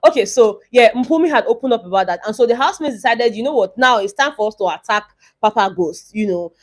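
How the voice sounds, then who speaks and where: A woman's voice: a little high, lively intonation, fast talker. A young woman, chatting casually in a vlog as she recaps a reality show, rambling and retelling scenes.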